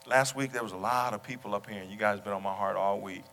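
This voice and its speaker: A male pastor preaching a sermon to his congregation, talking through stories and repeating his question, at times rising to loud exclamations. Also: fairly low pitch, fast talker, a little hiss or hum. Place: church sanctuary. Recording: long hall reverb.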